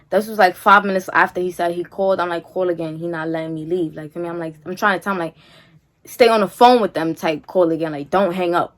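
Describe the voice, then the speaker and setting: Slangy young woman telling a story. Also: mid-range voice. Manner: animated, slangy, repeats "like" and "feel me". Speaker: vlogger telling a story time. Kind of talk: casual storytelling to camera.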